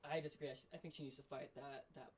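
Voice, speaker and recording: A man co-hosting a casual podcast chat, his voice sitting at an ordinary middle pitch. He talks like an excitable fan and gets animated. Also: very fast, slight background noise. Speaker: podcast co-host.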